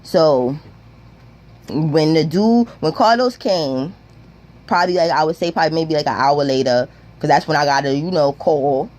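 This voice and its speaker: A woman's voice: low-pitched, normal speed, darkish tone. A young woman telling a storytime vlog in a blunt, profane, streetwise way. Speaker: vlogger.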